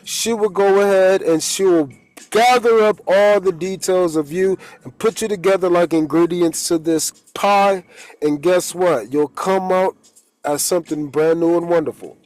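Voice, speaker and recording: High-voiced man giving spiritual pep talk. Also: measured pace, darkish tone. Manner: loose, rambling, streetwise preaching with folksy stories. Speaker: holistic coach.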